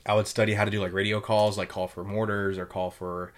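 A young man hosting a podcast tells war stories in a casual chat, his lowish voice showing little pitch movement. He talks quickly and loosely, with many fillers and a lot of swearing.

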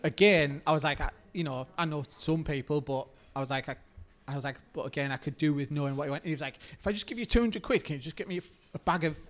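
A man's voice: on the high side, steady tone, fast. A man co-hosting a casual podcast, telling a rambling anecdote. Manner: rambling, full of fillers and restarts. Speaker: podcast co-host, musician. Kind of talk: casual chat.

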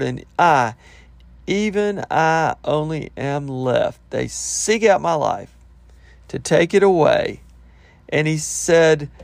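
A man delivers a sermon, moving between scripture reading and plain explanation. His voice sits a little high with a gravelly edge. The recording is dry, with no room sound. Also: a little mellow, dry recording. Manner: reads verses then breaks off to explain in plain talk. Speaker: preacher.

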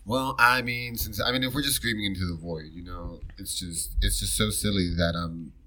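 Male podcast co-host, very deep voice, halting, repetitive, slangy delivery. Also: fairly even intonation, sharp tone, slight background noise, rough recording. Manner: halting, repeats himself, loose slangy phrasing. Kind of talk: casual chat.

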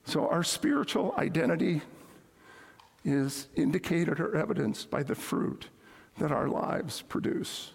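A man's voice: fairly high pitch, lively intonation, measured pace, vocal fry, breathy edge. A man preaching a sermon as pastor, telling stories and repeating his key points. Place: church sanctuary. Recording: echoey hall with long reverb.

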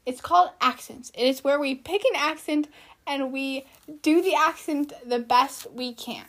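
A woman's voice: sits high, measured pace, a bit bright. A young woman co-hosting a casual podcast, upbeat and giggly. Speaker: podcast co-host.

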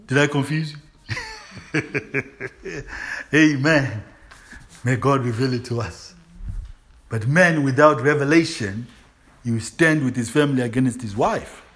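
A man preaching a sermon, peppering it with call-and-response questions, laughter and exuberant shouts. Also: medium pitch, slow pace, long pauses.

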